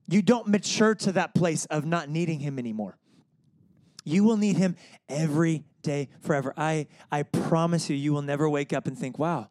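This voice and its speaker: A young man preaching a casual, animated sermon, telling stories with laughs and asking the crowd to respond. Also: sits high, no echo, clean studio sound.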